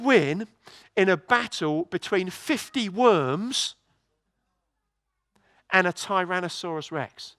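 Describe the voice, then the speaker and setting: A man preaching a sermon in a church, telling a story in a lively way with many restarts. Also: high-pitched, a little slow, long pauses, dry recording.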